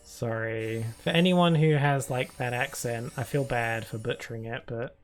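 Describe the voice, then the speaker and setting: A man's voice: mid-range voice, moderate pace. A British man streaming a video game, chatting and rambling through casual commentary with frequent giggles.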